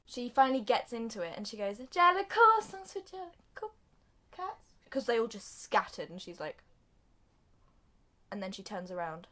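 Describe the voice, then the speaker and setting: A young woman reviewing a film in a casual, giggly way, often laughing and bursting into sung snippets. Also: mid-range voice. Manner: giggly, breathless retelling with sung bits and quick voice changes.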